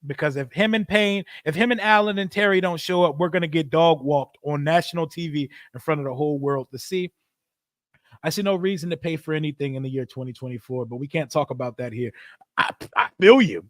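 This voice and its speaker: This football watch-stream host has a voice on the high side and talks a little fast. He reads chat aloud and calls the action in a loose, crude, joking play-by-play and live reaction, captured dry at studio quality.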